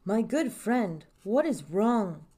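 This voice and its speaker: A woman voicing a generous, kindly king who speaks slowly and stately in a storybook reading. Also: medium pitch, big pitch swings, warm tone.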